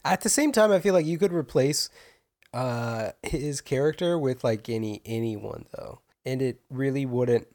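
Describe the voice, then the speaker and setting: Young man, casual podcast co-host, loose rambling delivery with restarts, middle pitch. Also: measured pace. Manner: rambling, animated, many restarts. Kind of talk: casual film chat.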